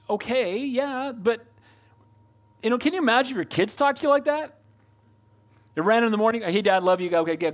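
A middle-aged male pastor preaching a sermon, calling for amens and moving between loud exhortation and quiet reflection. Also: high voice. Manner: preachy, calls for amens, shifts from loud to soft.

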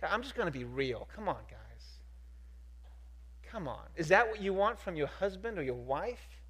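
High-voiced man preaching with emphasis. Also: very animated, normal speed, slightly rough. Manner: emphatic, repetitive, rhetorical questions, swings from soft to loud. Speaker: pastor. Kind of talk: sermon.

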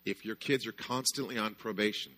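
A man preaching a sermon with animated storytelling, often checking in with the audience. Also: lowish voice, fairly quick.

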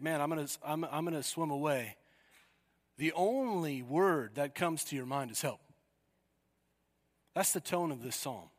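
A man preaching a sermon, telling a story with sudden loud cries. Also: on the high side, big-room sound.

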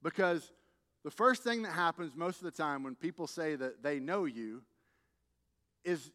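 A man's voice: a little high, unhurried, sharp tone. A man preaching a sermon as pastor, in a conversational style with playful repetition. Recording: long reverb of a large hall.

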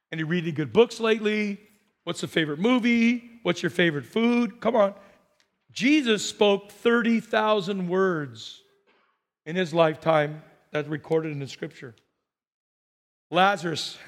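A middle-aged pastor with a high voice delivers a sermon from the pulpit, putting questions to the congregation and having them repeat words back to him.

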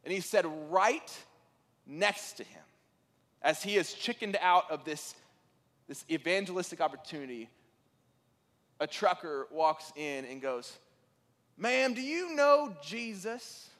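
High-voiced preacher in a reverberant hall. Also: male voice, unhurried, long pauses. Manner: animated storytelling, rising to excited peaks. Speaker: pastor. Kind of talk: sermon.

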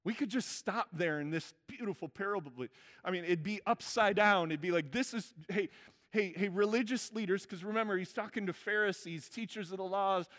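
Guy preaching a sermon, chatty, keeps asking the room if they follow, high voice, big echoey hall. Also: fairly quick, a bit bright. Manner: conversational, asks the congregation "right?" often. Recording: church hall reverb.

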